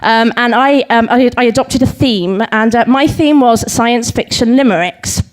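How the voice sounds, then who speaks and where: A woman's voice: on the high side, normal speed, rough recording. A young woman giving a comic talk of limericks to a live audience, giggling and umming often. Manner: giggly, many ums, self-deprecating. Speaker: speaker at a live talk event. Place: pub venue before a live audience.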